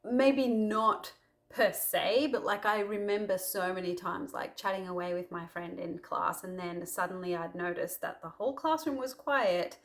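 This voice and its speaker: A woman's voice: fairly low pitch, normal speed, few pauses. A woman hosting a casual Christian talk to camera, telling personal stories in a chatty way with lots of fillers. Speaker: Christian video host.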